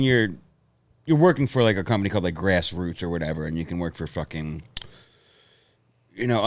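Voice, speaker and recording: A comedian guest on a casual podcast rambles through profane stories, laughing and swearing often. His voice is low-pitched, clear and resonant, recorded dry.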